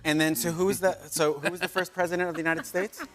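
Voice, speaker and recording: A man chatting as a guest on a talk show in a dry, deadpan way. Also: high voice, fast talker. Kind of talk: casual chat. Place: TV studio with live audience. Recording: studio audience and room noise.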